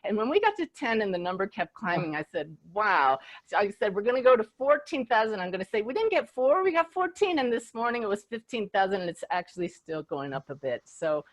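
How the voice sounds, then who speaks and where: A woman's voice: medium pitch, sing-song, a little fast, no room sound. A middle-aged woman hosting a live online event as a spiritual medium, telling stories with quoted dialogue and growing enthusiasm. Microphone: video call.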